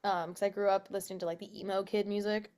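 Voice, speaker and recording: A woman's voice: mid-range voice, little pitch movement, quick pace, a little mellow. Chatty young woman who laughs and swears. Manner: chatty, laughs often, swears, says "like" a lot. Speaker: actress guest. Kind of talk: casual interview chat.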